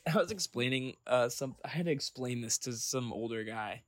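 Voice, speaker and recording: A man's voice: medium pitch, lively intonation, moderate pace, a bit bright, no room sound. A young man co-hosting a casual podcast chat, rambling and swearing, calling his friend dude and bro. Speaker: podcast co-host.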